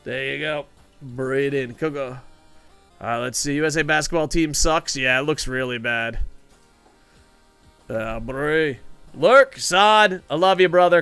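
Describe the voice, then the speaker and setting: A man's voice: a little high, a little slow, pushed and bright, clean tone, no room sound, soft background music. Rowdy profane man streaming a football game. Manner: rowdy and profane, chatting with viewers. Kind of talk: casual live-stream gaming commentary. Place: home streaming room in Japan.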